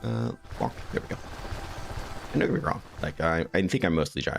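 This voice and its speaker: A man's voice: a bass voice, big pitch swings, a little fast, creaky, music in the background. A man streaming a video game, chatting casually with viewers and rambling aloud between remarks on the game. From United States. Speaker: gaming streamer. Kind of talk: casual gameplay chat with viewers.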